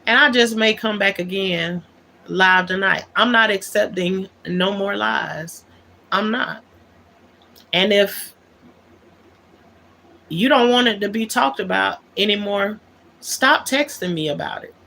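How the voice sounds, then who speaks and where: A woman's voice: medium pitch, slow pace, creaky, pauses often, sharp tone, a little hiss or hum. A woman hosting a livestream, talking things out in an aggrieved, emphatic way and repeating her key words. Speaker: livestream host. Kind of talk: unscripted livestream monologue.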